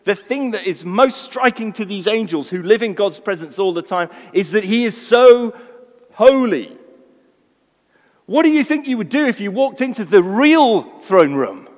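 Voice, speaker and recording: A man preaching a sermon, delivering it expressively and swinging between quiet, low passages and loud, ringing ones. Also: sing-song, moderate pace, few pauses. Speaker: pastor. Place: large church hall. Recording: long hall reverb.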